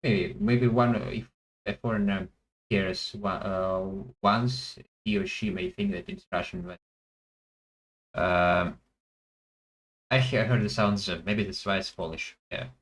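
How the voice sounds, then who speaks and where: A man thinking aloud as he plays a language guessing game, hesitant and full of pauses and fillers. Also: on the low side, animated, vocal fry, low-quality recording. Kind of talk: thinking aloud while playing.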